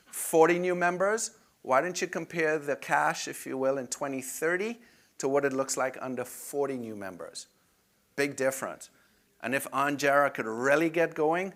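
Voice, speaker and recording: A man's voice: mid-range voice, a bit bright. Guy walking club members through the finances, chatty, keeps saying "if you will". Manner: conversational, frequent "if you will".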